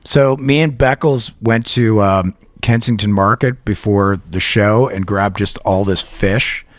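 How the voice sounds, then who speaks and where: A man's voice: fairly low pitch, a little slow, no room sound. A man hosting a casual talk show, rambling through crude anecdotes, laughing at his own stories and mimicking voices. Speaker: podcast host. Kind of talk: casual storytelling chat.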